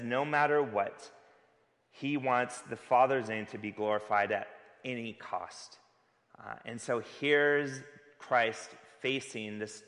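A man's voice: mid-range voice, a bit bright. A man preaching a sermon as pastor, earnest and conversational, with rhetorical questions to the congregation. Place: church sanctuary. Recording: long hall reverb.

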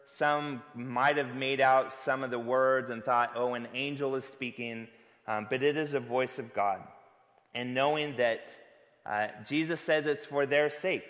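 A man's voice: mid-range voice, fairly bright tone. A man preaching a sermon as pastor, earnest and conversational, with rhetorical questions to the congregation. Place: church sanctuary. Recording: long hall reverb.

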